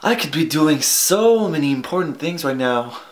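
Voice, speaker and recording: A man's voice: on the high side, animated, normal speed. Rambling young man in an echoey room. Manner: rambling, self-deprecating, trails off with fillers. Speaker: vlogger. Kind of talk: casual rambling vlog. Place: alone in his room at home.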